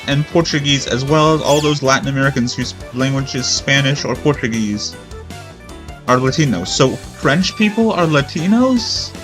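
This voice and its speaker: A gamer whose voice sits on the high side with a bit of brightness offers loose let's-play commentary. He rambles and thinks out loud, often questioning himself mid-thought.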